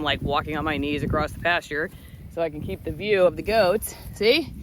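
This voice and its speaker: A woman with a bright, clear voice vlogs from a goat pasture outdoors on a handheld camera. She is chatty and pokes fun at herself, and she drops into soft coos when she talks to her goats. A faint hiss of outdoor noise sits under her voice. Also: mid-range voice. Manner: chatty and self-mocking, cooing softly to the goats. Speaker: vlogger, hobby farmer. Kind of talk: casual self-filmed vlog.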